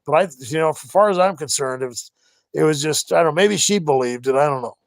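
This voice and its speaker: Gravelly man rambling on a live stream. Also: on the high side, lively intonation, no echo. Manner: rambling, halting with many restarts. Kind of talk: casual livestream monologue.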